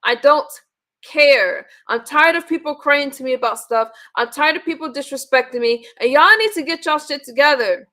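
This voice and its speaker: High bright-voiced woman ranting. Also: moderate pace. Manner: blunt, profane, irritated scolding. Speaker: host of a live online panel. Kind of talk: live-stream chat, ranting to viewers.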